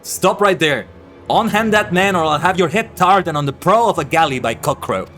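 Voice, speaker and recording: A man's voice: high voice, lively intonation, moderate pace, fairly bright tone, soft background music, pitched above the performer's own voice. A man voicing a stern male naval officer, reading game lines in a raised, commanding delivery.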